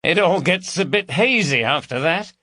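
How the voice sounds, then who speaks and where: A man's voice: a little high, expressive, normal speed, pushed and bright, dry recording, pitched above the performer's own voice. A man voicing a raucous, cheeky lad from London, full of banter. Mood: teasing.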